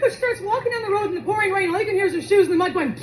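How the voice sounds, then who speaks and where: A woman's voice: very high voice, very fast, rough recording. A woman comedian performing a live stand-up set, telling stories with vocal sound effects and impressions. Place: comedy stage with a live audience. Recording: live club recording with crowd. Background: audience laughter.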